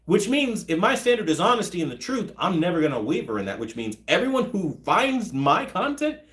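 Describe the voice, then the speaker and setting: A man's voice: high voice, big pitch swings, a little fast, fairly bright tone. A man in his thirties hosting a live chat, answering viewers' comments in a blunt, profane, ranting way. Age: 30s. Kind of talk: casual livestream chat.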